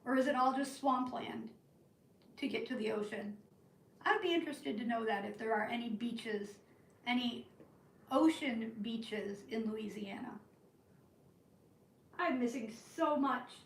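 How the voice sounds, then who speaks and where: A woman telling a rambling story to her live chat from the northern United States, in an animated, chatty way. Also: on the high side, a little slow, pauses often, slight background noise. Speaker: live-stream crafting host. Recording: roomy, from a distance.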